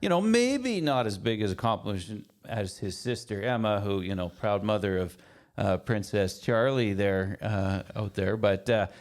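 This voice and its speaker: A man co-hosting a podcast in casual chat, speaking in a friendly, halting way with many fillers. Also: on the low side, animated. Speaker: podcast co-host.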